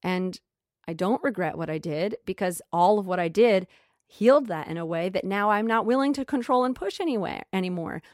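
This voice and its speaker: A woman talking in an earnest, emotional way about her spiritual growth. She often repeats phrases and goes soft and slow. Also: medium pitch, expressive, no echo, studio quality. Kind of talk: reflective spiritual monologue.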